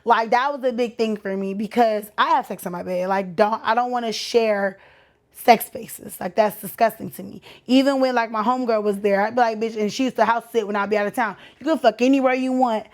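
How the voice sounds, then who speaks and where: A young Texan woman tells a story on her own podcast. She talks in a casual, slangy way and acts out every quoted line. Her voice sits high and bright. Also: fairly even intonation, brisk. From Texas. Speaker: podcast host.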